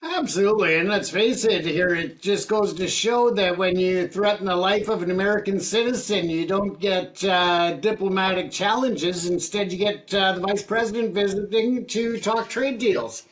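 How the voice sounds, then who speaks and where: A man's voice: high voice, normal speed, hardly any pauses, a bit bright, slight background noise. A man co-hosting a political news commentary show, making his case earnestly in long sentences. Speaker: co-host.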